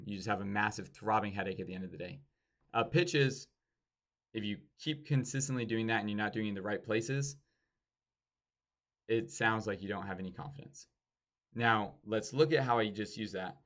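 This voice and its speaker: A man with a fairly low voice talks through a sales training in a casual, conversational way. He stops often to act out sample door-to-door pitches, showing how pauses, enunciation and pitch change the emphasis. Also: fairly bright tone.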